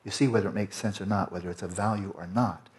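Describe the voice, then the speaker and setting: A man teaching a Buddhist Dharma talk, explaining slowly and lingering over Tibetan and Sanskrit terms. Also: on the low side, fairly even intonation, darkish tone. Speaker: meditation teacher.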